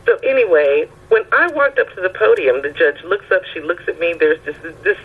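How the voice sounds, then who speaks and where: A woman with a husky voice, calling in and telling a lively anecdote, often checking in with her listener. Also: fairly low pitch, fairly quick. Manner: lively anecdotal storytelling, checks in with "right?" and "okay?". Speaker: caller telling a story. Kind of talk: casual phone storytelling. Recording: tinny phone line.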